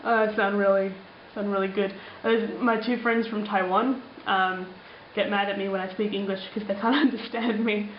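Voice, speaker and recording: A young Australian woman vlogs from home, chatting loosely and playfully and filling her pauses with ums. Her voice sits in a middling register and carries a roomy echo. The recording is a little dull and muffled. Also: mid-range voice, fairly even intonation, a little hiss or hum. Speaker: vlogger. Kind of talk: casual chat answering viewer comments.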